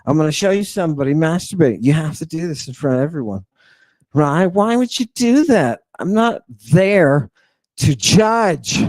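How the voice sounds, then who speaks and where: A man giving a lecture over slides, emphatic and dramatic, constantly asking "right?" and swinging between hushed asides and loud outbursts. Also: a little high, expressive, moderate pace, no room sound. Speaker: lecturer on ancient Greek language and ritual.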